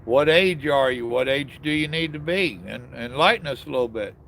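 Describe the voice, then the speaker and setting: A man's voice: medium pitch, moderate pace, a bit bright, a little hiss or hum. An older man hosting a casual live stream outdoors, chatting with viewers in a folksy, drawling way. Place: outdoors in the evening.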